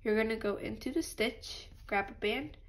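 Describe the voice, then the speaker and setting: A woman with a stuffy nose from allergies, calmly talking through a step-by-step craft tutorial and apologizing now and then. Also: on the high side, moderate pace. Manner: patient, apologetic instructions.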